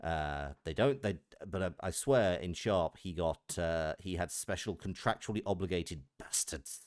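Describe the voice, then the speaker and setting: A man with a Merseyside accent talks casually and thoughtfully, working through his ideas out loud. His voice sits very low. The sound is dry and close, with no room around it. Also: unhurried, no room sound. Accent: Merseyside English. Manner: thoughtful, explanatory. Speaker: voice actor. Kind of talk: casual chat on a live stream.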